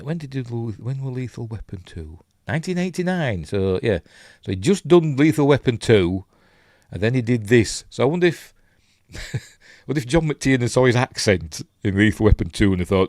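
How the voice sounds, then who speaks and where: A man's voice: medium pitch, big pitch swings, moderate pace, a little mellow, dry recording, studio quality. A man with a Yorkshire accent chatting loosely through a film breakdown, full of ums and forgetful asides. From Yorkshire, England. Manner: rambling, lots of ums and asides. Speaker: film reviewer.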